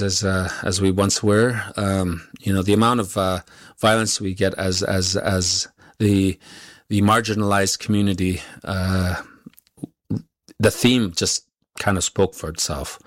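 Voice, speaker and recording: Man, very low voice, monotone delivery, halting with lots of fillers, dry sound. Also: no echo. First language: Inuktitut. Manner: halting, many pauses and fillers. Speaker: guest musician. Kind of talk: conversational interview answer.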